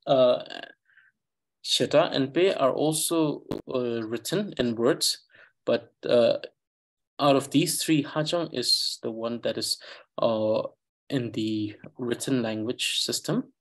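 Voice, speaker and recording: A man with an Eastern Tibetan accent teaching a language class over a video call, pausing often with fillers as he thinks aloud. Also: mid-range voice. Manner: halting, many fillers, thinks aloud while explaining.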